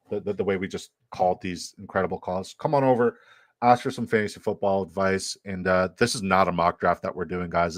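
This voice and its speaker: A man's voice: low voice, no room sound. A young adult man hosting a casual livestream with brash, profane, hype-man energy. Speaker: host.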